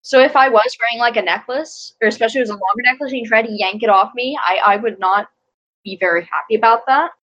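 A woman in casual podcast chat, hesitant and self-deprecating, filling her pauses with ums. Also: a little high, a bit bright, muffled recording.

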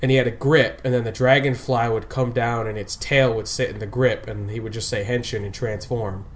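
A man's voice: mid-range voice, fairly even intonation, fairly quick. A man in casual fan chat, rambling and often laughing as he talks.

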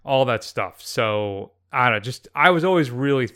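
A man co-hosting a podcast, talking about favorite film characters in a relaxed, opinionated, dry way. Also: medium pitch, normal speed, clean tone. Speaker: podcast co-host. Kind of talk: casual film chat.

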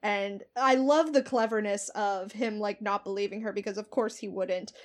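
A woman's voice: mid-range voice, steady tone, moderate pace. A woman co-hosting a podcast, chatting casually about a horror film and retelling its scenes with enthusiasm. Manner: enthusiastic, recounts scenes with quoted lines. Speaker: podcast co-host.

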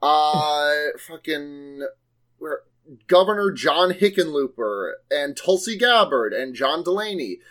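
A man's voice: a little high, expressive, takes it slowly, a bit bright. A young man co-hosting a podcast in casual chat, rambling and swearing with plenty of filler words. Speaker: podcast co-host.

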